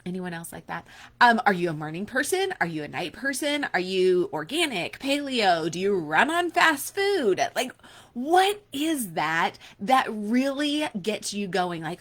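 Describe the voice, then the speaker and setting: A woman's voice: medium pitch, fairly bright tone. A woman in her forties coaching listeners in a casual workshop, chatty and upbeat, speaking straight to the listener. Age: 40s. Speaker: online business coach.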